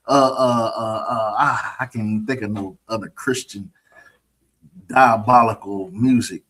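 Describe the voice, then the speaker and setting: A man's voice: on the low side, fairly even intonation, unhurried, fairly bright tone. A man teaching a streamed scripture lesson in a preachy, mocking way, often checking whether listeners understand. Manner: preachy, mocking, keeps asking "you understand?".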